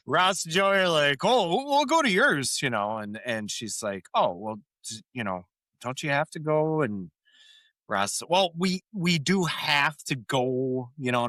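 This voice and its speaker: Podcast co-host, man, lively up-and-down delivery, bright tone, dry close mic. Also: mid-range voice, no room sound. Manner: animated retelling, quoting lines with frequent laughs. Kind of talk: casual recap chat.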